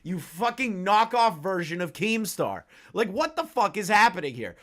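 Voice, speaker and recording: A man's voice: high voice, big pitch swings, moderate pace, fairly bright tone. A young man streaming a profane reaction commentary, ranting in disbelief with lots of swearing and frequent laughter. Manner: incredulous ranting, swears a lot, laughs often.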